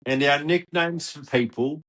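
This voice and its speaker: A man's voice: fairly high pitch, measured pace, fairly bright tone. An Australian man, the guest's partner, chatting casually in a hesitant, easygoing way. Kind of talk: casual chat.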